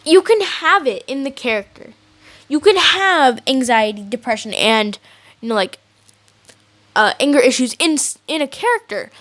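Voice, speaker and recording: A woman's voice: sits high, lively intonation, moderate pace, fairly bright tone, no echo. A teenage girl ranting casually to camera as a vlogger, rambling with many likes and restarts.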